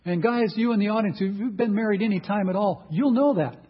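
Male preacher, slightly high and very husky, emphatic sermon delivery, dull lo-fi sound. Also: brisk. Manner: emphatic, rhetorical questions to the audience.

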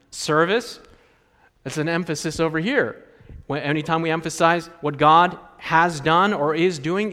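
Male pastor, high voice, conversational sermon with questions to the pews, long reverb from the sanctuary. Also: a bit bright. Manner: conversational preaching with rhetorical questions to the congregation.

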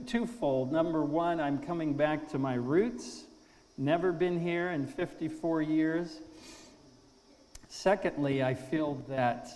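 A man in his fifties giving an earnest testimony talk at a conference, halting with restarts. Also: fairly high pitch, a little mellow. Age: 50s. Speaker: speaker at a conference. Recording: long hall reverb.

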